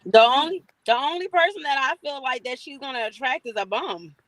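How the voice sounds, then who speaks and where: A woman's voice: sits high, expressive, a little fast, fairly bright tone, no room sound, rough recording. A woman taking part in a casual panel chat by call. She speaks bluntly and gives strong opinions in slangy speech. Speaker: panel guest.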